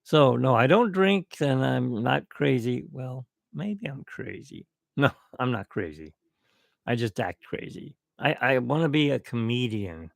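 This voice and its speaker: A man's voice: mid-range voice, animated, unhurried, gravelly, no echo, studio quality. A man hosting his own channel, chatting casually and rambling in a joking, self-mocking way. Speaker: YouTube channel host. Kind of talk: casual live stream chat. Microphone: desk microphone.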